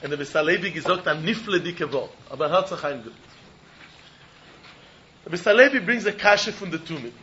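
A man teaching a Talmud study lecture. He pitches questions in a high, bright voice that swoops up and down. The recording is dull and lo-fi. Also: a little fast, long pauses. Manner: animated, questioning, mixes Yiddish phrases into English.

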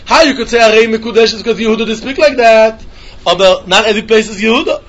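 A man giving a yeshiva-style Talmud lecture in a quick sing-song study chant. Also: high-pitched, a bit bright, highs cut off. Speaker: Talmud teacher.

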